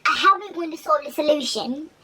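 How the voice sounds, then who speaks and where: A woman voicing a fretful, stuffy older royal father in a hushed, hesitant, prim way, as a mocking impression in a reaction vlog. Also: high voice, expressive, fairly quick, a little hiss or hum, pitched above the performer's own voice, poor audio.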